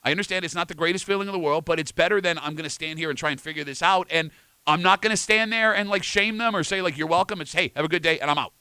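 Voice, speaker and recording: A male radio host in a studio who talks fast and teases his co-hosts. His voice is bright and a little high, and his pitch jumps around a lot. The sound is dry and close to the mic. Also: clear, resonant tone, no room sound. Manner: fast, animated, teasing. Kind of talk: morning radio banter.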